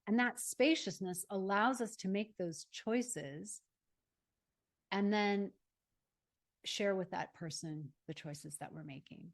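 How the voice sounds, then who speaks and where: A woman coach giving a calm, guided self-help talk, slowing down and pausing as she leads listeners through an exercise. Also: mid-range voice. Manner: calm, slow guiding pauses.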